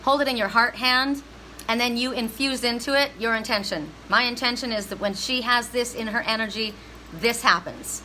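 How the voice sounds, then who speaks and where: A woman's voice: on the high side, moderate pace, sharp tone, slight background noise, rough recording. A middle-aged woman giving a heartfelt, emphatic spiritual reading to viewers on a live stream. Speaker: psychic reader.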